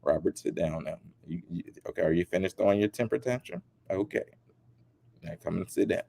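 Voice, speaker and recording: A man voicing a stern female interviewer who scolds a grown man like a child, in a calm, firm tone. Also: low-pitched, fairly quick, gravelly, no room sound, voice pushed down. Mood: scolding.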